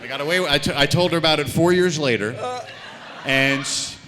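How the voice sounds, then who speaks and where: A man's voice: fairly high pitch, brisk. A man on a convention panel telling a playful story, recorded in an echoey convention hall. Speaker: voice actor panelist.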